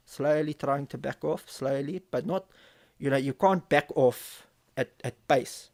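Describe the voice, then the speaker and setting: A man casually telling a story on a live stream, swearing often and repeating phrases as he builds tension. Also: medium pitch. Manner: profane, vivid storyteller who repeats phrases.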